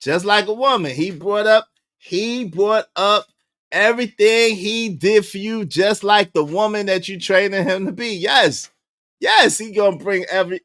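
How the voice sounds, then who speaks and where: A man hosting a reaction video, giving blunt, animated commentary and laughing as he talks. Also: sits high. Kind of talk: casual commentary on clips.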